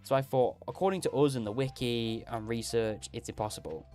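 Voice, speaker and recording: A man with a mid-range, darkish voice live-streams a video game, talking a little fast. He rambles and chats casually, laughs often and reads out the chat, with faint music behind him.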